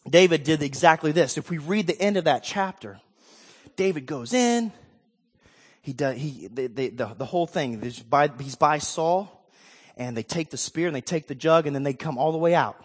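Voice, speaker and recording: A pastor with a high voice delivers an emphatic sermon, dropping low and soft, then climbing to loud, rousing calls. His voice trails off in the long reverb of a large hall. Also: slightly rough. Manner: emphatic preaching, swings from quiet to loud.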